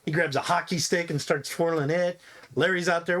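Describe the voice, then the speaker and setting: A young adult man running a tabletop game as game master, narrating in a relaxed, rambling way with frequent laughs. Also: a little high, moderate pace.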